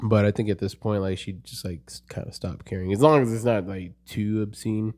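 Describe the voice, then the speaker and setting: A young man with a fairly low voice talks on a casual podcast. He teases his co-host and jokes around easily. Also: a little fast, darkish tone. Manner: joking, playful teasing. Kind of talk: casual chat.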